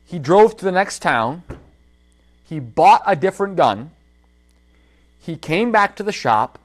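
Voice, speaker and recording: A high-voiced man who makes holsters hosts a casual livestream, speaking at a measured pace. He tells an animated story from his workshop and talks straight to his viewers.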